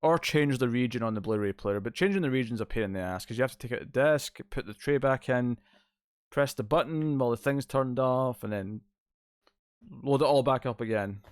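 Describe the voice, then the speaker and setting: A man's voice: medium pitch, fairly quick, clear, resonant tone, no room sound. Laid-back man chatting on a livestream. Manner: laid-back, rambling, reads chat aloud. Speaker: streamer host. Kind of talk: casual livestream chat. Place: home living room couch. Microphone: distant mic, moves out of frame.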